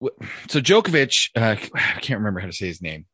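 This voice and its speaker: A man's voice: fairly low pitch, sing-song, fairly quick, sharp tone, breathy edge, no echo. A man hosting a casual podcast chat, talking in a profane, rambling way. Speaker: podcast host.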